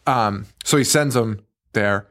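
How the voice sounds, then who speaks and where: A man's voice: lowish voice, takes it slowly, fairly bright tone. Laughing, rambling young man. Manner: rambling, swears, laughs a lot. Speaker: podcast co-host. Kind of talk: casual chat about horror films.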